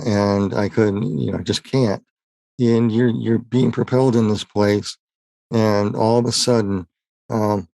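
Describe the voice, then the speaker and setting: A man with a gravelly, creaky voice recounts his story in a halting way, often repeating words. His voice keeps breaking as tears come. The sound is dry and close, with no room around it. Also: lowish voice, darkish tone, dry recording. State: tearful, voice breaking. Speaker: interview guest. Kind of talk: emotional personal testimony.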